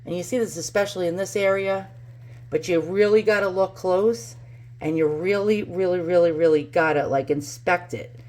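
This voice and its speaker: A woman with a New York accent talks through a close-up demonstration at a table. Her voice sits a touch low, and her chatty delivery leans on repeated words for emphasis. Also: normal speed, a little mellow, a little hiss or hum. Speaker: antiques channel host. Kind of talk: casual show-and-tell demonstration.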